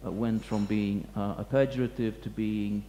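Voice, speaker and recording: Man lecturing, thoughtful and halting, warm low tone, recorded in a reverberant hall with light hum. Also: steady tone. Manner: halting, many restarts and fillers, reflective. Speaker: museum curator giving a talk. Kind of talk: lecture talk to an audience. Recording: echoey hall with faint hum.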